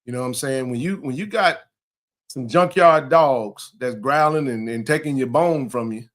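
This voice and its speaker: A man, co-hosting a casual sports talk show, animated and full of restarts and slang. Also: mid-range voice, normal speed. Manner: animated, repeats and restarts, colloquial. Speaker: co-host.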